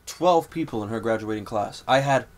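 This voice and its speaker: A man's voice: medium pitch, normal speed. A man with a Boston accent guests on a casual podcast, ranting brashly and swearing freely. His voice sits in an ordinary middle range for a man. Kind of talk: casual chat.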